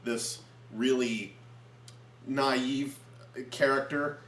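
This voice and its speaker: A man's voice: mid-range voice, steady tone, very slow, a bit bright. A man co-reviewing a film in casual chat at home, earnestly explaining his points at length. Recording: echoey room with faint hum.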